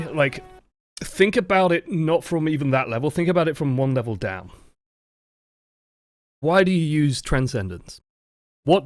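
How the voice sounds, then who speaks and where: A man's voice: medium pitch, no room sound, studio quality. A man commentating on gameplay footage as a coach, explaining step by step and answering his own rhetorical questions. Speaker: game coach reviewing footage.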